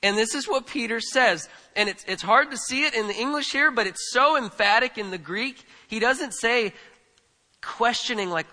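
A pastor with a very high-pitched, sharp voice and lively intonation preaches at a normal pace in a space with long hall reverb. His sermon is conversational and emphatic, full of repeated words and tag questions like "right?" to the crowd.

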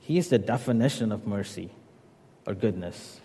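A man preaching from the pulpit with a mellow, dark voice that carries a long reverb through the church. He teaches in a measured way and drops in casual asides to the congregation. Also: on the low side, expressive, a little hiss or hum. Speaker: pastor. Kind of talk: sermon. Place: church sanctuary.

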